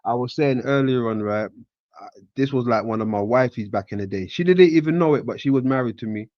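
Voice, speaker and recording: A man's voice: medium pitch, steady tone, brisk, dry recording, lo-fi sound. A man hosting, commenting in a joking, sarcastic way. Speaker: host. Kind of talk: casual commentary.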